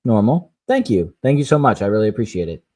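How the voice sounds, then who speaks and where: A man co-hosting a parenting podcast who speaks haltingly and often restarts his sentences. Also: fairly low pitch, big pitch swings, a little mellow. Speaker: podcast co-host. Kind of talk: casual chat.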